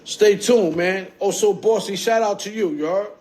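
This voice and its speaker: A man's voice: high-pitched, normal speed, darkish tone, a little hiss or hum. A man talking casually on a livestream in streetwise slang, often tagging on "you heard?". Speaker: livestream host. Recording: phone screen-recorded livestream.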